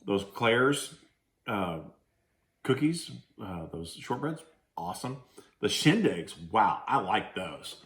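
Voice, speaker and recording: A Texan man with a somewhat low voice reviews snacks from his own home. He talks casually and rambles, often breaking off and restarting his sentences as he tastes. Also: very animated, takes it slowly, fairly bright tone. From Texas. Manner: chatty, rambling, with frequent restarts. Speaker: food reviewer. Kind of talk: casual food-tasting vlog.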